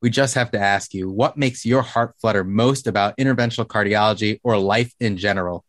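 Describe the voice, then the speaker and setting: A man's voice: lowish voice, brisk, a bit bright. A male podcast co-host asks questions with playful enthusiasm. His voice sounds close and dry, with no room echo. He talks casually and keeps the chat light.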